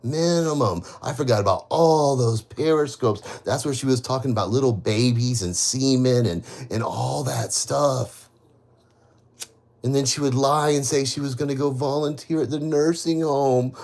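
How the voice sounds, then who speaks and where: Speaking in a medium pitch with a slightly mellow tone, a man on a live stream rants to his viewers about the people he holds responsible. He is bitter and accusatory, repeating himself, cursing a lot, and restarting often as he rambles.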